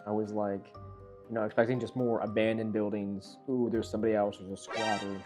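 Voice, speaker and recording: A man's voice: fairly low pitch, brisk, over music. A man chatting casually as he reacts to a video, rambling and cutting himself off as he goes. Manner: rambling, self-interrupting, animated.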